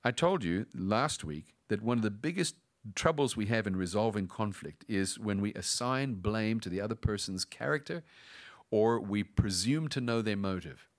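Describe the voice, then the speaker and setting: A middle-aged man delivers a sermon in a fairly low voice. He drags key phrases out with long dramatic pauses and now and then sinks into a hushed whisper. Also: animated. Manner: preaching with dramatic pauses, dropping to a whisper at times. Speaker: pastor.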